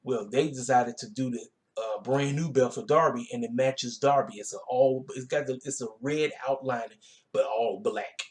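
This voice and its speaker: A man's voice: mid-range voice, normal speed, a little mellow. Laid-back man recapping wrestling casually. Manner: laid-back, colloquial, rambling with fillers. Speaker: wrestling show reviewer.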